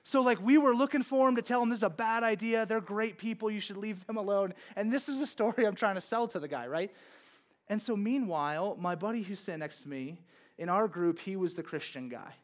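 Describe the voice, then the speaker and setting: A man's voice: high-pitched, fairly quick. A man preaching a sermon, telling a personal story in a casual, chatty way with many fillers. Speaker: pastor.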